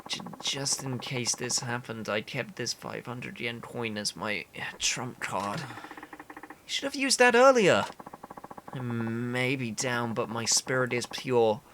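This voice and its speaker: A man's voice: mid-range voice, expressive, fairly bright tone, slight background noise. A man voicing a starving, proud young part-timer who speaks weakly and stutters. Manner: weak, halting, stuttering, sighing.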